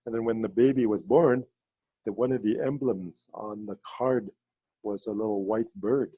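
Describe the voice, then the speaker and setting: A man leading a ceremony, telling stories in a halting way with many fillers and restarts, over a video call. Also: breathy edge, no echo, narrow, tinny audio. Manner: halting, with many fillers and restarts, voices quoted people in a higher pitch. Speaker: ceremony leader and storyteller. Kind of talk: storytelling talk on a video call.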